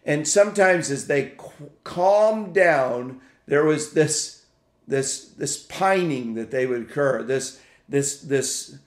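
A male pastor delivers a sermon slowly and thoughtfully, often circling back on his words. His voice sits at an ordinary pitch. The recording has a noticeable roomy echo. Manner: reflective, halting, repeats words while searching for them. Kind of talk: podcast sermon.

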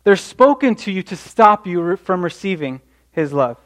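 A man's voice: high voice, big pitch swings, normal speed. A young man preaching a sermon in an earnest, encouraging way, often restarting his sentences. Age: young adult.

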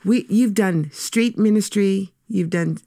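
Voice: mid-range voice, slow, creaky, mellow, dry recording, clean studio sound. An interviewer asking about ministry work in a hesitant way, with many fillers. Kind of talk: conversational interview.

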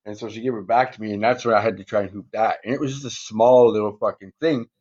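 Low-voiced man, profane storyteller. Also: steady tone, quick pace, darkish tone, lo-fi sound. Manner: profane, rambling, chuckles often. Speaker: guest, former prisoner. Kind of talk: casual storytelling in a podcast interview.

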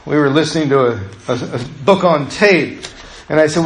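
A man's voice: on the high side, moderate pace, reverberant, a little hiss or hum, rough recording. A middle-aged man, a pastor, preaching a passionate sermon to his church that builds to urgent pleas.

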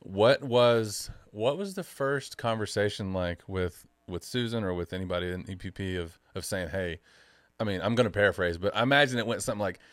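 A man's voice: fairly low pitch, fairly quick, no room sound, clean studio sound. Chatty, rambling male podcast host. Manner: chatty, rambling, self-interrupting. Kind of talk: casual podcast interview.

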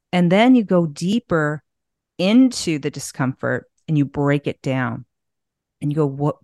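A middle-aged naturopathic practitioner with a low-pitched voice guests on a casual interview, speaking candidly and a bit profanely while frequently restarting sentences. The studio sound is clean, with no room sound.

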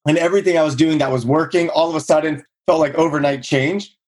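Husky guy in his 30s from socal, fired-up storytelling, bumps his voice up for quotes. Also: fast talker. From Southern California. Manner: energetic storyteller, acts out quotes in higher voice. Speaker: guest, real estate investor. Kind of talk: casual storytelling interview.

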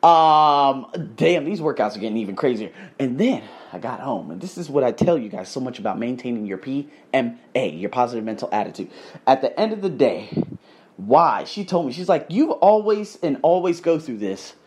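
Male podcast host, loose motivational ramble with swearing, voice swings high and low. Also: fairly quick. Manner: rambling, animated, swears freely, addresses listeners as guys. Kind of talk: motivational monologue, casual storytelling.

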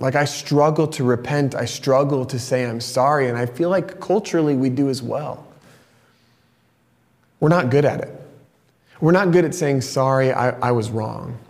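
A man in his thirties, a pastor preaching a sermon through a personal story, candid and animated, sometimes turning soft and confessional. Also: on the high side. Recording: long reverb of a large hall.

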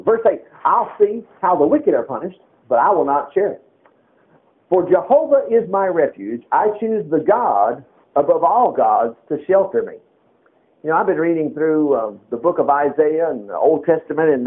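A man teaching the Bible on a radio program, reading verses aloud and commenting on them in an animated way with playful asides. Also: high-pitched, breathy edge. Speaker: preacher. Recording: tinny phone-like radio broadcast.

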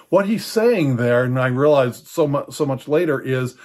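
This older male preacher's voice is on the high side and a little mellow, and he speaks unhurriedly with few pauses. His personal teaching talk comes across as loose, conversational storytelling, full of fillers and restarts.

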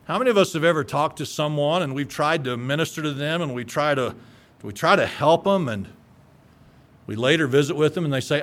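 A man's voice: on the high side, fairly quick, a bit bright. A male pastor preaching a sermon in an earnest, conversational way that climbs into emphatic peaks.

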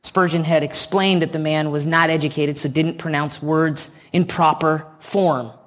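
A woman preaching a sermon, telling a story slowly and earnestly with emphatic repetition. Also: low voice, fairly even intonation.

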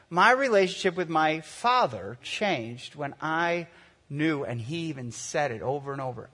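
A man in his forties, a pastor, preaching a sermon in a conversational storytelling way that slows for earnest emphasis. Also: on the high side, big pitch swings, a bit bright, husky, in a large hall. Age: 40s.

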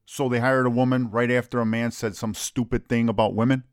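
A man's voice: medium pitch, little pitch movement, a little fast, smooth, no echo, studio quality. Brash, profane man. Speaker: soccer podcast co-host. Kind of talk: casual chat.

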